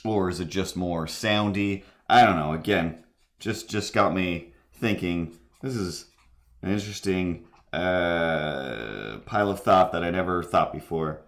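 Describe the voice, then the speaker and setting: A man's voice: deep voice, measured pace. A man chatting casually while drawing on a live stream, rambling and self-deprecating. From near Cape Breton, Canada.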